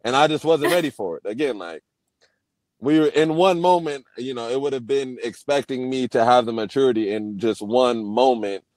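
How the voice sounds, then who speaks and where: A young man, a Paralympic swimmer, is a guest in a casual video-call interview, speaking candidly and reflectively and often restarting his sentences. His mid-range voice is darkish, at a normal speed, with no room sound.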